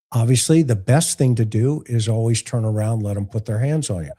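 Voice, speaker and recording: A man's voice: medium pitch, brisk, hardly any pauses, mellow. A man who was once a police officer, arguing points of law in a casual streamed talk and acting out the dialogue of the people he describes. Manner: acts out quoted dialogue while explaining. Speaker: former police officer, show guest.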